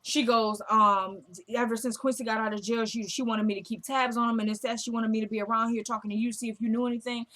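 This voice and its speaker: A young woman casually recapping a TV episode, retelling scenes as quick quoted dialogue. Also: fairly high pitch, fairly bright tone.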